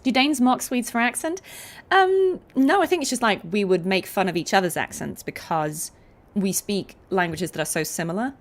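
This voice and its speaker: A woman voice actor with a medium-pitched voice and lively intonation talks at a moderate pace while playing a game. Her casual commentary rambles, full of fillers and asides, with game sounds under her voice.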